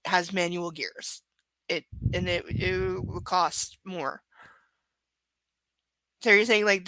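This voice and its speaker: A woman hosting a live book reading stream, chatting casually with her viewers in a halting way, full of fillers and restarts. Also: mid-range voice, bright, forceful tone, dry recording, rough recording. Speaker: livestream host reading a book.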